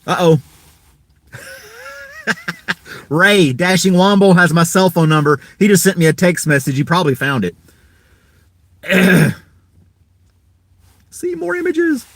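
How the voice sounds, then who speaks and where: A man's voice: high-pitched, big pitch swings, takes it slowly, long pauses, a bit bright, no room sound. A man hosting a casual live stream, rambling in an easygoing way and chuckling often.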